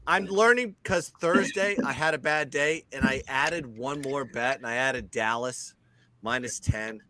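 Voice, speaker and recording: A man's voice: mid-range voice, measured pace, crowd noise. A young man co-hosting a live sports betting stream, chatting casually, rambling and swearing. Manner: rambling, restarts a lot, swears. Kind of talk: casual banter.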